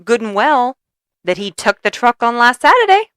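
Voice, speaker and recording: A woman's voice: fairly high pitch, big pitch swings, normal speed, a bit bright, clear, resonant tone, dry recording. A young woman co-hosting a podcast in casual chat, playful and teasing as she tells stories. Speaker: podcast co-host.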